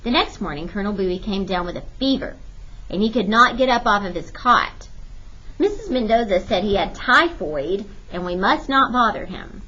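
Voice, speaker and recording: A woman narrating a children's historical novel in steady, clear audiobook storytelling. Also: medium pitch, normal speed. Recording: dull lo-fi recording.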